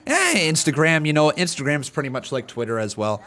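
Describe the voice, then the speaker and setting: A male streamer talking casually to his live chat, greeting viewers by name and cheering them on with earnest encouragement. His voice sits a little higher than most men's. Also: wildly swooping pitch, a little fast, pushed and bright. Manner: chatty, addresses viewers directly by name. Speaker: streamer hosting a live watch-along.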